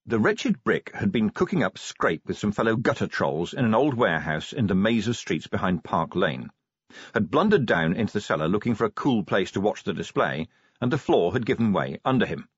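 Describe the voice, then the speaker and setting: A man narrating an audiobook in an animated, wry storytelling manner. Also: lowish voice, brisk, breathy edge, no echo, highs cut off. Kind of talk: scripted narration.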